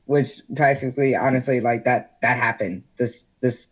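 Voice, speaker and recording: A man's voice: mid-range voice, moderate pace, low-quality recording. A man guesting on a podcast, telling a personal story candidly in casual interview chat, with lots of "like" fillers. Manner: candid storytelling, heavy use of "like".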